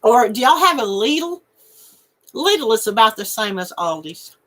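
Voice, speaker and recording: A woman's voice: a little high, sing-song, a little slow, fairly bright tone. A woman hosting a crochet channel, chatting casually with viewers and laughing and snorting often. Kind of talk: casual live chat reading viewer comments.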